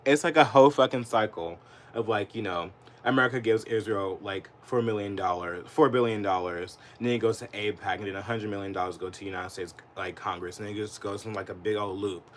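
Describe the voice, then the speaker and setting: With a fairly low, slightly bright voice and a fairly quick pace, this man does live political commentary on his stream. It's profane and rambling, packed with "like," as he gets worked up and indignant.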